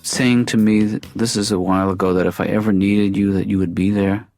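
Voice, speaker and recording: An actor playing a mild middle-aged male therapist in an animated sitcom, with a soft deadpan delivery. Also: lowish voice, fairly quick, no room sound, clean studio sound, soft background music, lightly acted. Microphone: dry studio mic.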